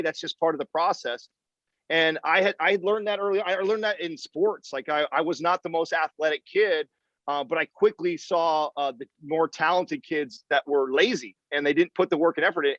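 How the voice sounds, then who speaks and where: A man's voice: fairly high pitch, a bit bright, no echo, highs cut off. Candid, swearing man on a podcast. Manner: candid and emphatic, swears freely. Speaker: podcast guest. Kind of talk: casual interview talk.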